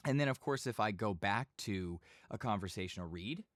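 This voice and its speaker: A man giving a casual voice-over tutorial in a home studio, speaking in a relaxed conversational tone into a studio microphone. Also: on the low side, normal speed, no room sound. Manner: relaxed conversational teaching, occasional bursts of yelling demos. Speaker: voice-over instructor.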